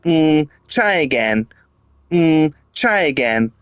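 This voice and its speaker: A man imitating SpongeBob, a cheerful cartoon sea sponge, in a slow sing-song voice. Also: on the high side, expressive, fairly bright tone, smooth, no echo, studio quality, voice pushed up.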